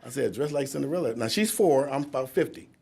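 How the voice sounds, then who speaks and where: Gravelly-voiced man telling his recovery story. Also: mid-range voice, expressive, fast talker, darkish tone. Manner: rambling, conversational, laughs at himself. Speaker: drug court graduate giving a testimony. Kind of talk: personal recovery testimony to an audience. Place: courtroom ceremony.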